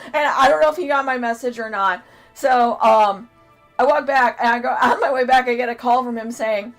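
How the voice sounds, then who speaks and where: Woman co-host, slightly high voice, animated profane storytelling, faint music behind. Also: brisk. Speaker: podcast co-host. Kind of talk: casual convention review chat.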